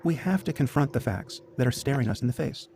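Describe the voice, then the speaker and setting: A man argues his case at a brisk, steady clip, pressing each point home. His voice sits at a middle pitch. The played-back recording carries a clear hiss of noise. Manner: measured, argumentative.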